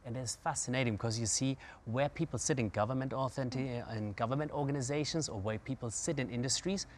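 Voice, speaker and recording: A man's voice: mid-range voice, fast, slight background noise. Agreeable conversational man. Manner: conversational, agreeable, brief answers. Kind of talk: interview chat.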